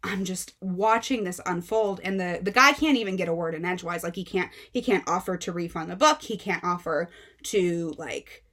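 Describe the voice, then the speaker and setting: Young woman, book vlogger, casual storytelling, animated, exasperated, filler-heavy. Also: on the low side, moderate pace.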